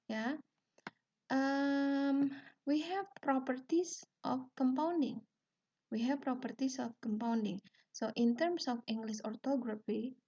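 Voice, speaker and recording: A woman's voice: a little high, gravelly, mellow, slightly rough. A woman with an Indonesian accent lecturing on linguistics. She repeats key terms and checks in with frequent "yeah" and "okay.". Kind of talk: recorded lecture. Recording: distant, dull lo-fi sound.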